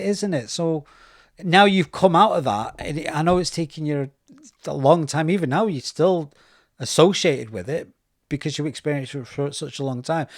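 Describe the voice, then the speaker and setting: Animated man telling stories. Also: fairly high pitch, no room sound, studio quality. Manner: animated storytelling, acts out quoted voices. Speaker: podcast host. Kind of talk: casual interview chat.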